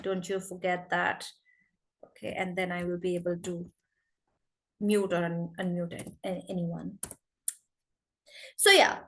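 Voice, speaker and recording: A woman's voice: lowish voice, little pitch movement, a little slow, pauses often, fairly bright tone. A woman with an Indian English accent teaching a live online class over a video call, chatty and calling students by name.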